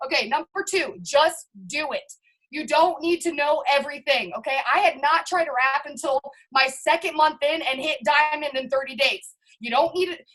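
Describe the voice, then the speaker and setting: Hyped and emphatic, a network marketing team leader gives her team a total motivational push over a video call, speaking at a moderate pace in a bright, high-pitched voice. She keeps speaking directly to her listeners, and the recording is low-quality.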